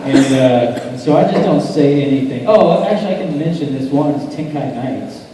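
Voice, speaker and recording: A man's voice: mid-range voice, expressive, moderate pace, crowd noise. A man, a voice actor guest, answering fan questions in a laid-back, rambling way, laughing often. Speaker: voice actor guest at a convention panel. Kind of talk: casual convention Q&A storytelling. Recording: echoey convention hall, distant mic, noisy.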